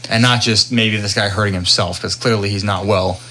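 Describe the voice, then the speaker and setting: A young man with a fairly low voice co-hosts a casual podcast. He swears freely and tells work stories with lively energy. He acts out the people he quotes. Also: fairly quick, slight background noise. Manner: profane, animated retelling with quoted voices. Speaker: podcast co-host. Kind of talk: casual chat, storytelling.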